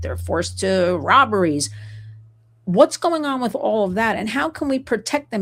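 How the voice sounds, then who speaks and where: A woman hosting an interview, passionate and talking in quick bursts that jump from point to point. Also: medium pitch. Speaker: host. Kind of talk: conversational interview.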